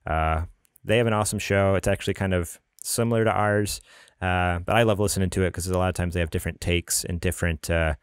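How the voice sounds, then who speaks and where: A man's voice: deep voice, steady tone, fast, clean tone, dry recording, studio quality. A man hosting a casual gaming podcast, chatty and rambling, often laughing. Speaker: podcast host.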